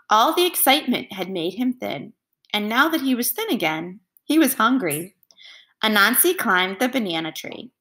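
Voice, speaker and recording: A woman teacher reading a storybook aloud to children in a clear, expressive voice. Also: medium pitch.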